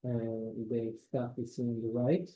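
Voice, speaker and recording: A man's voice: medium pitch, monotone, measured pace, phone-quality sound. A man, a guest in an interview, speaking hesitantly and searching for words. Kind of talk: conversational interview.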